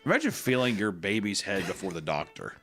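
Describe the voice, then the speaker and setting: A young man in casual reaction chat on a podcast, animated, profane and jokey. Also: low-pitched, a little fast. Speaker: podcast co-host.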